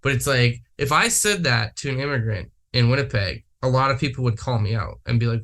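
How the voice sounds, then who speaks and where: Casual podcast guy, rambles, swears freely, mid-pitched everyday voice. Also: lively intonation, a little fast, a bit bright. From Manitoba, Canada. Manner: rambling, swears a lot, many fillers. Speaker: podcast guest. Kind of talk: casual chat.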